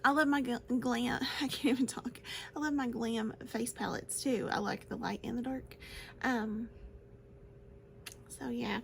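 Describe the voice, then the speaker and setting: A woman with a fairly high voice chats her way through a makeup tutorial, gushing over each shade and laughing easily. A faint hiss sits behind her voice. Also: steady tone, unhurried, vocal fry. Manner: chatty and gushing, laughs often. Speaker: beauty vlogger. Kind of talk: casual makeup tutorial chat.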